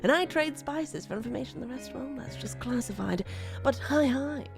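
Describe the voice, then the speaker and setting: A woman voicing a sly intergalactic spice-trading fox who greets visitors in a smooth, coy, welcoming manner. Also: sits high, expressive, normal speed, over music.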